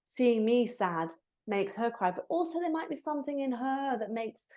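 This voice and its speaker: A woman, a guest on a podcast, talking about emotions in a warm, animated way, often saying "like" and "you know". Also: fairly high pitch, normal speed. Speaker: guest, breathwork facilitator. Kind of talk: casual interview chat.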